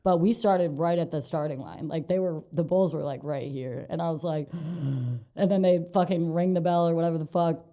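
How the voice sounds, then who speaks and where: A woman's voice: on the low side, a little fast, few pauses, mellow. A young adult woman, a comedian, telling a story in casual, profane podcast chat and laughing often. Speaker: comedian guest.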